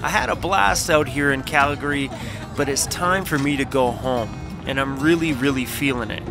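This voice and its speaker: A man's voice: mid-range voice, moderate pace, music in the background. A man chatting casually to the camera in a travel vlog, laughing often and talking fondly to his dog. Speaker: van life vlogger.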